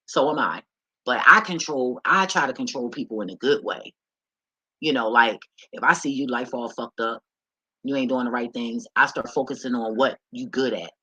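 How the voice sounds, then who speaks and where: Young woman, AAVE speech, profane candid vlog rant, husky tone, dry close sound. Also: very deep voice, moderate pace, dry recording, rough recording. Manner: profane, blunt, animated storytelling. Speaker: vlogger.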